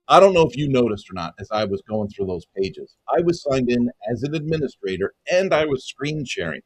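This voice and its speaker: A man who runs a web design business, giving an excited, emphatic pitch to viewers and calling them folks over and over. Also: slightly rough, no echo, poor audio. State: excited, half-yelling. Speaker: web design agency owner and coach. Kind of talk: energetic direct-to-camera pitch.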